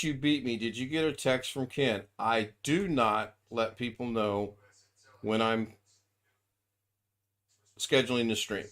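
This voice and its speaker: A man's voice: mid-range voice, a bit bright. A man hosting a casual live stream, chatting loosely and reading out viewers' names. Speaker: livestream host.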